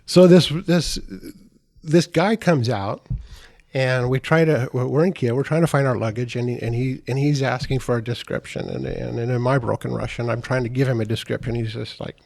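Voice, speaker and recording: A middle-aged man speaks as a podcast guest, with a gravelly voice at an ordinary pitch. He tells his story in a halting, casual way and often repeats his words. The recording is close and dry, with no room sound. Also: fairly even intonation, darkish tone, dry recording.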